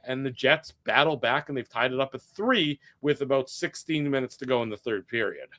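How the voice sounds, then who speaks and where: A man's voice: medium pitch, lively intonation, brisk, pushed and bright. Guy on a hockey postgame show, breaks down the goal pass by pass, dry teasing. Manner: play-by-play recap, dry teasing. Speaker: post-game show co-host. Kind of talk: casual hockey post-game chat.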